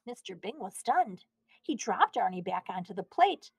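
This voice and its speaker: A woman reading a children's picture book aloud, expressive and animated, close to the mic. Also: medium pitch, moderate pace, creaky, husky, dry recording. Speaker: school reader.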